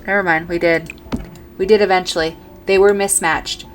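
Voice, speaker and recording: Casual woman creator, mid-pitched, thinks aloud while building and corrects herself often, with light music under her voice. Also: a little fast. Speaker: gaming video creator.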